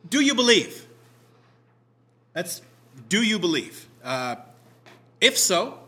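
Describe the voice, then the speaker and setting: A man leading a prayer, reading scripture aloud and preaching in a conversational, animated way with self-deprecating asides. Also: high-pitched, takes it slowly. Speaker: pastor.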